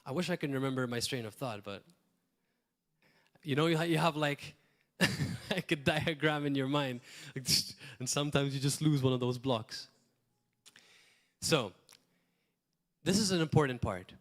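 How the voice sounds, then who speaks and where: A man preaching a sermon as pastor, talking in a lively, rambling way and acting out quotes now and then. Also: medium pitch, measured pace, pauses often. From Malta.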